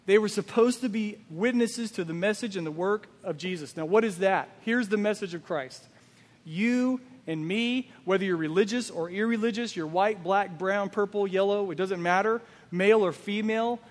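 A man's voice: sits high, a little fast, big-room sound. A man preaching a sermon as pastor, emphatic and full of rhetorical questions.

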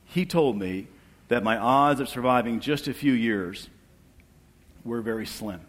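A middle-aged man giving an earnest church testimony, asking for amens and dropping soft and low at tender moments. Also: lively intonation, unhurried. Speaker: guest speaker sharing testimony. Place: church hall. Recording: long reverb of a large hall.

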